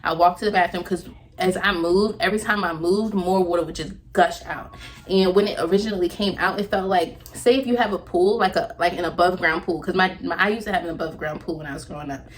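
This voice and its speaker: A woman's voice: fairly low pitch, brisk. A young woman vlogger telling a personal story, rambling and correcting herself with lots of fillers.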